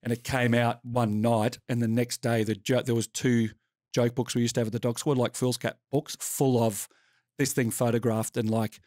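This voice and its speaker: A man's voice: mid-range voice, moderate pace, no room sound. Australian man, middle-aged, open and sweary interview guest, dry close sound. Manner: candid, sweary, animated storytelling. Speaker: podcast guest. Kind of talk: casual interview storytelling.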